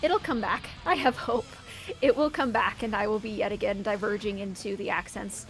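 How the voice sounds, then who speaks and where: A woman's voice: mid-range voice, normal speed. A woman streaming a video game with chatty, giggly, self-mocking casual commentary. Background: faint background music.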